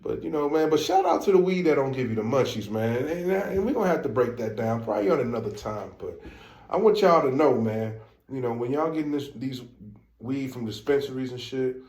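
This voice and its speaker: A man's voice: mid-range voice, expressive, fairly quick, darkish tone, echoey room. A man with a St. Louis accent co-hosting a podcast, talking in a laid-back, slangy way full of fillers. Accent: St. Louis African American Vernacular English. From St. Louis, USA. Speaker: podcast co-host. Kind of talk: casual podcast chat.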